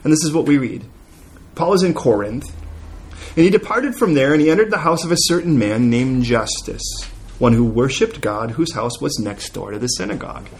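Male pastor, middle-aged, sermon, animated storytelling, lively pitch. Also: moderate pace, slight background noise. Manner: animated storytelling, acts out quoted prayers.

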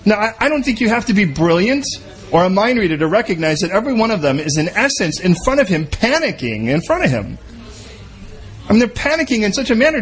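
A male pastor preaching a sermon in a conversational way, full of rhetorical questions. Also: high-pitched.

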